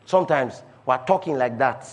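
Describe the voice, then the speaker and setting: A man preaching a sermon, reading scripture slowly, repeating key phrases and jumping from quiet asides to shouted declarations. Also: mid-range voice, lively intonation, husky.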